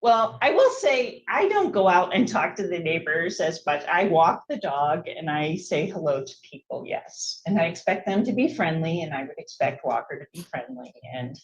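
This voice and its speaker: A woman answering questions as a witness in court, soft-spoken and hesitant. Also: fairly low pitch, animated, moderate pace, hardly any pauses, dull audio.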